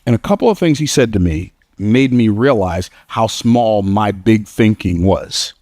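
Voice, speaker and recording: A man gives a motivational speech to a live audience, telling stories emphatically and conversationally and laughing at his own lines. His voice is fairly low, animated, a little slow and a little mellow, recorded cleanly in a studio with no echo.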